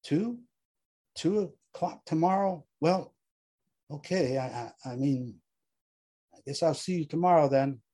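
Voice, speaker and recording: A man's voice: fairly high pitch, a little slow, pauses often, mellow. A man voicing a haunted male veteran platoon leader who pleads, grieves and snaps in anger. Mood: pleading. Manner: pleading, exasperated, grief-stricken.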